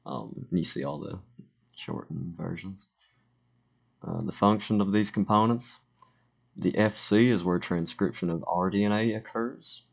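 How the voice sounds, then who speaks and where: A teenage boy giving a casual slideshow voiceover for a school presentation, halting and self-correcting, with joking asides. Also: sits low, vocal fry. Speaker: student presenter.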